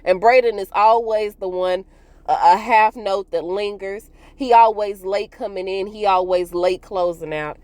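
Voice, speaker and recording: A woman hosting a casual TV recap, chatty and expressive, laughing often and talking straight to her viewers. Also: mid-range voice, measured pace, no room sound. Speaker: TV recap host.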